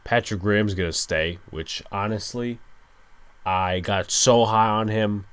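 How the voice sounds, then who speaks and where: A young man hosting a solo sports podcast, speaking low and hushed late at night, with a resigned, frustrated fan's tone. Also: a little slow, clear, resonant tone. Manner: resigned, frustrated fan rant. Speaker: podcast host.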